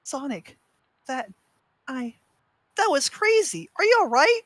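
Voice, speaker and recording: A man voicing a kind, worried young boy fox in a high, squeaky put-on voice, stammering and exclaiming. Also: sing-song, slow pace, a bit bright, dry recording, exaggerated voice. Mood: startled.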